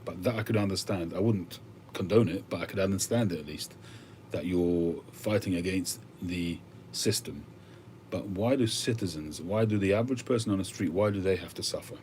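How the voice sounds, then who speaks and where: A man's voice: low-pitched, normal speed, darkish tone, slight background noise. A man hosting a livestream, chatting casually and musing aloud with frequent hesitations as he answers viewer comments. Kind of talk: casual chat.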